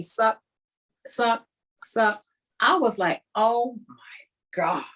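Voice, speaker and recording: Middle-aged woman, kidney donor, personal story, emotional, replays dialogue, average pitch. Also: a bit bright. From United States. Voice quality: emotional, retells conversations in quoted dialogue.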